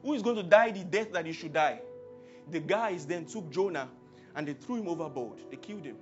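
A male preacher with a Nigerian accent delivers a sermon, dropping to near-hushed tones and then rising into forceful, emphatic climaxes. His medium-pitched voice comes through a dull, muffled recording, with soft music faint underneath. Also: lively intonation, a little fast.

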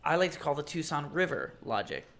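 Fairly high-pitched and a little fast, this man co-hosts a casual podcast chat. He tells stories animatedly, laughs often, and acts out other people's voices.

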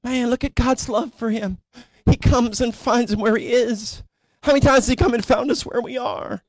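A male pastor preaching a sermon in a conversational storytelling way, sometimes rising to animated emphasis. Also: very high-pitched, moderate pace, no room sound. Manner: conversational storytelling preacher, voices characters casually.

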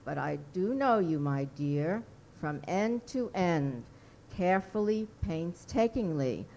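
A woman's voice: fairly low pitch, animated, slow, a little mellow, a little hiss or hum. A woman reading a pompous little baron. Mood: condescending. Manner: grandiose, condescending. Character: pompous, impatient little old male baron.

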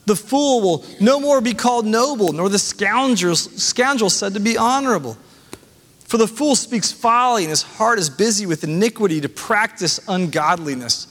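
A man's voice: high-pitched, a bit bright, long reverb tail. A man in his thirties, a pastor preaching a sermon and reading scripture with personal asides.

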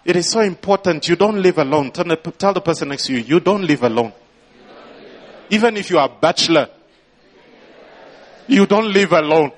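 A man's voice: on the high side, lively intonation, brisk. A man preaching a sermon as pastor, prompting the congregation and rising into emphatic bursts.

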